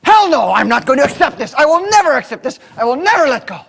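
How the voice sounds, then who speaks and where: A man acting out an angry rural worker who shouts indignantly from the back of a room. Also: high-pitched, normal speed, close to an everyday voice. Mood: furious. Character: furious middle-aged male rural worker shouting.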